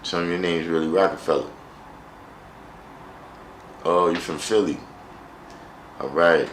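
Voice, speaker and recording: A man's voice: low voice, fairly even intonation, a little slow, reverberant, a little hiss or hum, rough recording. A man hosting a live stream, chatting casually with viewers in a wry, joking way and often repeating himself.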